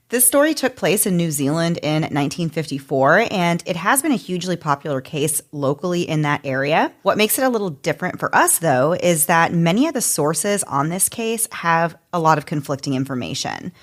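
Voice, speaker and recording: Low-pitched woman podcast host, casual and chatty. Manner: chatty, filler-heavy.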